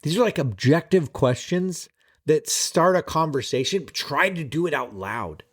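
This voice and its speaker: A man's voice: fairly high pitch, animated, unhurried, slightly rough. A man vlogging as a productivity coach, talking casually and profanely straight to his viewers. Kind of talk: casual vlog monologue.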